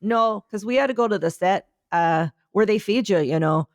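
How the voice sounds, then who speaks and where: A woman's voice: mid-range voice, normal speed, dry recording, studio quality. A woman podcast co-host with an occasional Philadelphia accent, telling rambling stories in casual chat. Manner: rambling storyteller, many restarts.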